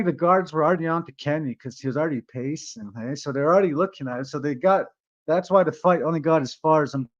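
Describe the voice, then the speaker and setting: A man's voice: a little high, a little mellow. A man telling a story casually, rambling, swearing and tagging lines with "eh?", on a dull lo-fi recording. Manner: rambling, profane, frequent "eh?" tags.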